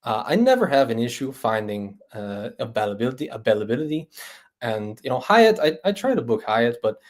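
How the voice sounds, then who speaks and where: A man's voice: mid-range voice, big pitch swings, fairly quick, natural voice. A man putting on a Puerto Rican accent to play an eager grown man who halts and repeats himself while raving about a hotel brand. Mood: gushing.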